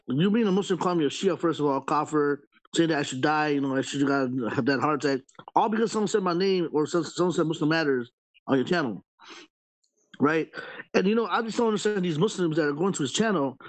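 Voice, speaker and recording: A man's voice: fairly high pitch, poor audio. A man hosting a live stream panel, venting at length in casual chat and filling his talk with "you know" and "bro".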